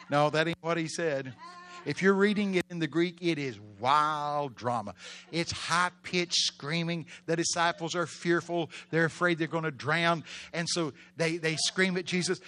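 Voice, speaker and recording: Bright, dramatic male preacher. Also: a little high, lively intonation, moderate pace. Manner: dramatic, shifts between loud exclamations and hushed storytelling; call-and-response with congregation. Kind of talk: sermon.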